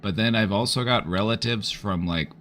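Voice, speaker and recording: A man's voice: on the low side, normal speed, fairly bright tone. A man chatting casually on a live stream, rambling with lots of fillers. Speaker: streamer offering support.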